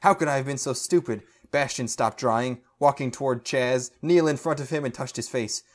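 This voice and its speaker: A man's voice: medium pitch, normal speed. Man, podcast co-host, comedic fanfic reading, mid-range voice, stumbling, stifled laughter. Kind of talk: comedic dramatic reading of fan fiction.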